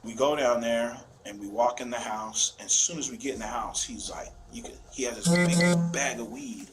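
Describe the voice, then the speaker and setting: A father in an interview, telling a painful story in a halting, searching way. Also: medium pitch, very noisy. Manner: halting, searching, self-questioning.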